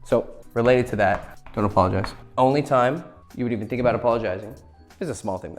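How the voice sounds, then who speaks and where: A man's voice: medium pitch, fast talker, faint music behind. A man giving blunt, profane dating advice in a casual lecture, acting out quoted lines as he goes.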